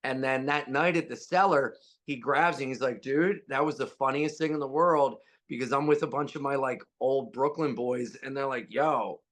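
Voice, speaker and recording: A man being interviewed as a stand-up comedian, telling stories and jokes casually and jumping into high voices when he quotes people. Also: steady tone, moderate pace, hardly any pauses, a bit bright.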